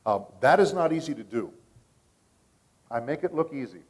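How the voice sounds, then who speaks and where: A man's voice: a little high, animated, normal speed. A middle-aged man who works as a voice actor, telling stories at a convention panel in a chatty way and checking in with the audience often. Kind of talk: casual panel talk.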